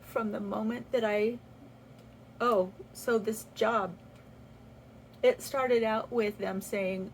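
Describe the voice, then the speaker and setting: A woman's voice: medium pitch, steady tone, slow, long pauses, slight background noise, low-quality recording. A woman talking through a personal faith reflection in a casual, earnest way, with restarts as she thinks aloud. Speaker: vlogger sharing a faith reflection.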